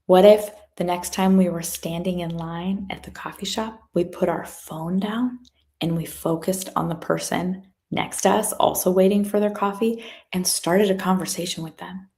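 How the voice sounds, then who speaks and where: A woman giving a motivational talk as a guest speaker, telling a story from her work in an animated way and acting out the people in it. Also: fairly low pitch, moderate pace. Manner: animated, acts out quoted voices.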